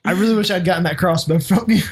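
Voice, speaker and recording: A man playing a tabletop game, chatting in a relaxed way with frequent chuckles. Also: sits high, quick pace. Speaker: player. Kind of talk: casual tabletop play.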